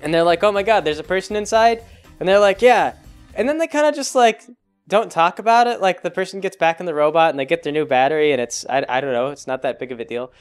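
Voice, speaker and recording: A young man with a fairly high voice talks casually as a blog host. He rambles and hesitates, restarting his sentences often, while faint music plays underneath. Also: quick pace, clean tone. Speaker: blog host reviewing a show. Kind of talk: casual chat.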